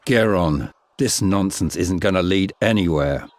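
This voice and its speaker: An actor playing a tired, gruff older hunter and trapper in a video game. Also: male voice, sits low, a little slow, dry recording. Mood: weary. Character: weary older male hunter and trapper, foster father.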